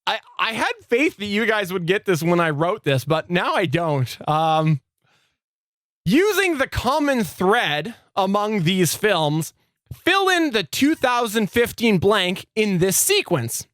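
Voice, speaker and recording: A man hosting a casual podcast quiz game, playful and quick to laugh. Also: high voice, very animated, fairly bright tone, dry recording, studio quality. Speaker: quiz host.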